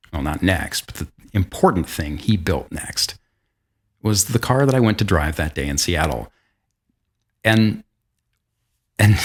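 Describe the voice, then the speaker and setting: Man, deep low voice, podcast host, casual storytelling, chatty asides, self-deprecating. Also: slightly rough.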